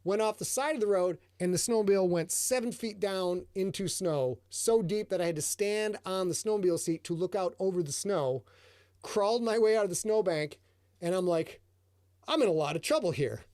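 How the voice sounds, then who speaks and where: High-voiced, profane male storyteller. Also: normal speed, darkish tone, smooth, no room sound, studio quality. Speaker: host, author. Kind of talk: live-show anecdote telling.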